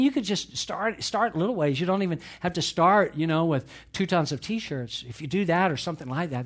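A pastor preaching a sermon, telling a story and swinging between loud emphasis and near whispers, often repeating phrases. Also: male voice, fairly high pitch.

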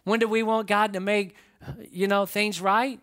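A man preaching a sermon as pastor, animated, acting out the voices of his listeners and of Bible figures. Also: high voice, unhurried.

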